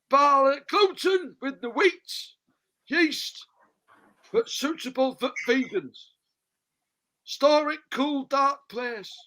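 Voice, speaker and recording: Hammy guy with a super high voice reading a beer label, bright and animated. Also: extremely slow, long pauses, poor audio. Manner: animated, hammy, laughs a lot. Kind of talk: playful dramatic reading.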